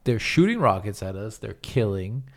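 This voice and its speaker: A man's voice: on the low side, very animated, moderate pace. A man co-hosting a podcast in casual chat, blunt and emphatic, swearing freely. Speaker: podcast co-host.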